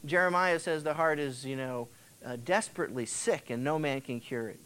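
A man's voice: mid-range voice, normal speed, a bit bright, clear, resonant tone. A middle-aged male pastor preaching a sermon in a conversational way, now and then acting out the voices of biblical figures, heard on an old cassette tape transfer.

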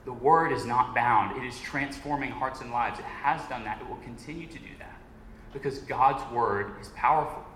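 A man's voice: mid-range voice, moderate pace, fairly bright tone. A man giving a sermon as a guest preacher, telling a story in an earnest way. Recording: echoey room with faint noise.

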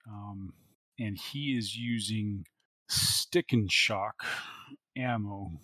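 A man's voice: lowish voice, steady tone, drawn-out words, pushed and bright, dry recording. A man running a tabletop role-playing game as game master, narrating the action and working through the rules as he goes. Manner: narrates action and rules, with many fillers and restarts.

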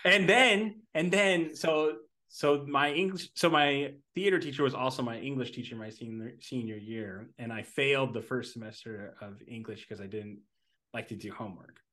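A man's voice: mid-range voice, steady tone, normal speed, fairly bright tone. A man co-hosting a podcast, telling stories in casual chat, rambling with lots of fillers and restarts. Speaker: podcast co-host.

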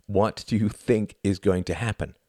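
A man voicing a wary, guarded young Englishman in his own low voice, clipped and careful. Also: moderate pace, dark tone, no echo, clean studio sound, lightly acted.

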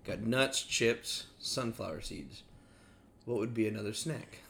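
A man's voice: on the low side, measured pace, creaky, fairly bright tone, slight background noise. A man co-hosting a podcast in casual banter, laid-back and laughing, often stumped for an answer. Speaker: podcast co-host.

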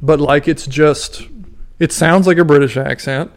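A man's voice: fairly high pitch, fairly even intonation, unhurried. A man co-hosting a podcast in casual, swearing banter. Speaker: podcast co-host. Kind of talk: casual chat.

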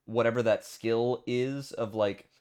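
A man's voice: mid-range voice, fairly even intonation, a little slow, darkish tone, clean tone. A man co-hosting a casual podcast chat, rambling with many fillers.

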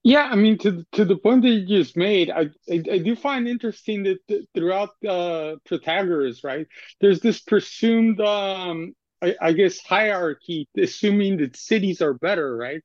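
Man, high voice, dull lo-fi sound, eager hedging talk, seminar participant. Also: normal speed, darkish tone, no room sound. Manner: eager, hedging, with frequent "right?" tags. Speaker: discussion participant. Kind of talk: casual seminar discussion.

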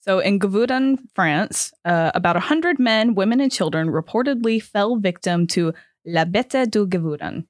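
A woman's voice: medium pitch, expressive, moderate pace, hardly any pauses, no echo, studio quality. A young woman co-hosting a podcast, chatting casually, swearing and laughing, and stumbling over words as she reads out a story. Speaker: podcast co-host. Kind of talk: casual chat, reading out a story.

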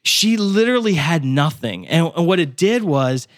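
In a clean, dry studio recording, an author who co-hosts a faith podcast speaks expressively at a normal pace with a voice that's a little high. During this casual conversation about faith he earnestly recounts personal experiences with prayer and acts out the prayers in quotes.

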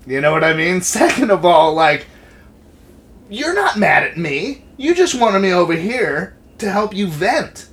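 A man's voice: high-pitched, measured pace. A man in his thirties in casual, profane conversation, telling stories about family with lots of swearing. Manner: animated, swears freely. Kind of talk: casual chat.

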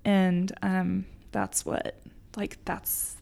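A woman's voice: lowish voice, level tone, very slow, creaky, a little mellow. A woman guest on a podcast, talking earnestly and emotionally about her faith, getting choked up at times. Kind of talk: heartfelt faith conversation.

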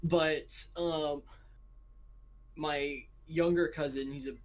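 A woman's voice: low voice, fairly even intonation, slow, rough recording. An American woman chatting casually as a podcast co-host, rambling with many fillers and giggles. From United States. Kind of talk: casual chat.

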